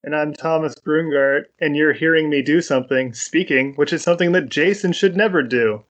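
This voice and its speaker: A man's voice: on the high side, fairly bright tone. A man co-hosting a casual podcast, ranting with strong opinions. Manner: opinionated, quick to rant. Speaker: podcast co-host.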